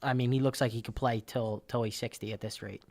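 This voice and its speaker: A man's voice: medium pitch, steady tone, brisk, a little mellow. Man, sports podcast co-host, casual chat, rambling, stumbles over words.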